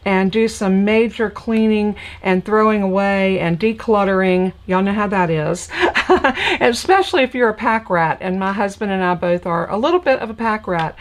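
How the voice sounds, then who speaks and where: A woman's voice: medium pitch, expressive, moderate pace. Chatty older Southern woman host. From United States. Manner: chatty, folksy, greets viewers by name. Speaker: crafting channel host. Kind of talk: casual live-stream chat.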